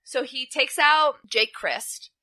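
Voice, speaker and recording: Young woman podcast co-host, animated storyteller, bright tone, dry close sound. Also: high-pitched, slow, dry recording. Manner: animated storytelling, acts out quotes in playful voices. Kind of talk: casual chat recapping wrestling.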